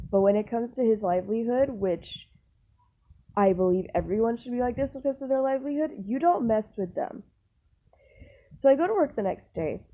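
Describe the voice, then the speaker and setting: A young woman vlogging, telling a personal story in a chatty, animated way, full of restarts and exasperated asides. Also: medium pitch, phone-quality sound, a little hiss or hum. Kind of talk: casual storytelling.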